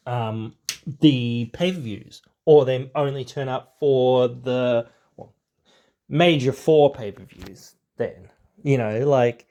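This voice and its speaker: A man's voice: mid-range voice, a little mellow. A man hosting a podcast, talking casually in a rambling way, with lots of fillers. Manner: rambling, heavy filler words. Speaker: podcast host.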